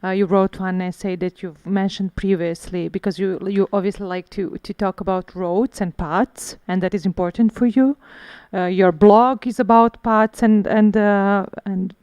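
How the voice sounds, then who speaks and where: A woman's voice: mid-range voice, fairly even intonation, normal speed, a little mellow, smooth, dry recording. A woman interviewing a guest in English, asking questions hesitantly with many "uh"s.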